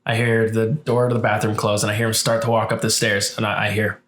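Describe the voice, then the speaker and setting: A podcast co-host with a fairly low voice rattles through a story at a quick pace, with slight background noise in an echoey room. Casual and animated, he curses freely and voices what others said.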